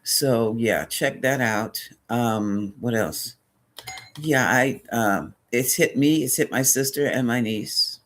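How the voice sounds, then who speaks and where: A man's voice: medium pitch, slow, fairly bright tone, slight background noise. A man hosting a spiritual live stream, chatting casually and rambling, often correcting himself and greeting viewers by name.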